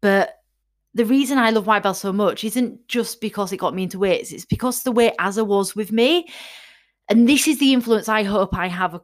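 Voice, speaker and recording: A woman's voice: mid-range voice, normal speed. A woman, chatty and enthusiastic, casually telling her personal fitness story to her followers. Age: 30s. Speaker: fitness vlogger.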